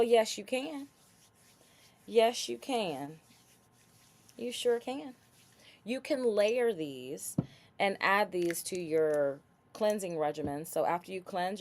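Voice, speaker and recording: A woman's voice: on the low side, darkish tone. A woman hosting a casual livestream, chatty and playful as she shows body care products and talks straight to viewers.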